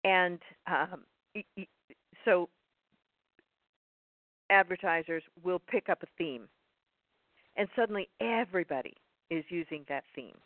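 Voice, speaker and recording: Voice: medium pitch, unhurried, pauses often, no echo. Reflective chat partner, hesitant, dry phone-line sound. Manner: hesitant, stumbling over words. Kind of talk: casual reflective conversation.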